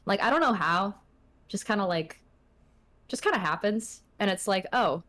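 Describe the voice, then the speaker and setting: A woman's voice: medium pitch, lively intonation, measured pace, bright, forceful tone. A young adult woman chatting casually as an interview guest, full of filler words and self-deprecating asides. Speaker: guest, streamer.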